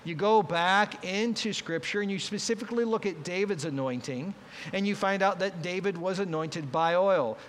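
A man's voice: high-pitched, moderate pace, a bit bright, slight background noise. A man preaching a conversational sermon, acting out the quoted voices as he explains a Bible passage. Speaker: pastor. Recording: long reverb, faint ambience.

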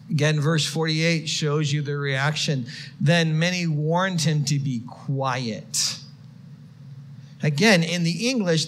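Male preacher, expressive sermon delivery, slight background noise. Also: a little high. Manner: expressive, swings from quiet to shouted quotes.

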